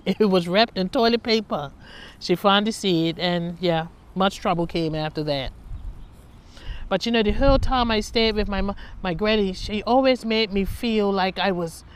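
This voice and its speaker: A woman's voice: mid-range voice, smooth. A woman telling her own life story in a candid, conversational way, reflecting on her past and laughing at herself.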